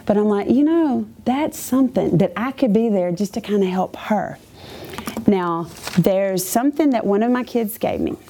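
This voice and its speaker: A woman's voice: medium pitch, expressive, moderate pace, mellow, a little hiss or hum. A woman schoolteacher giving a chatty, humorous faith testimony to a live audience, full of asides. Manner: chatty, self-deprecating and humorous, with many asides.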